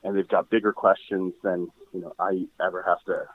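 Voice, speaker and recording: Laid-back Irish priest on a phone line. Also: male voice, low voice, flat delivery, brisk. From Ireland. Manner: laid-back, slangy, reassuring. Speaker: priest, podcast guest. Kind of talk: casual chat.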